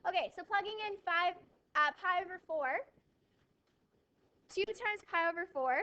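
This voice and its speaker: A woman teaching a math class, lively, asking questions and answering them herself, with a touch of dry sarcasm. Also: extremely high pitch, unhurried, lo-fi sound. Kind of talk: classroom lecture.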